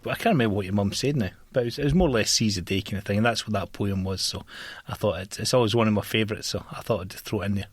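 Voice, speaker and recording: A man's voice: on the low side, very fast, breathy edge, no echo. A middle-aged Scottish man hosting a podcast, talking in a rambling way with lots of repeated words. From Scotland. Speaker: podcast host. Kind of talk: casual video-call chat.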